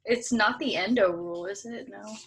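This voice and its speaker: A woman's voice: mid-range voice, normal speed, slight background noise, poor audio. A young woman student answering a tutor's questions, hesitant and thinking aloud with many fillers.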